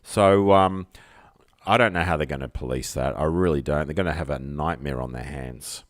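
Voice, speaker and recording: A man's voice: rumbling low, a little fast, a bit bright, no echo, clean studio sound. An Australian man hosting a casual live stream, rambling through jokey, chatty asides to his viewers. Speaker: host.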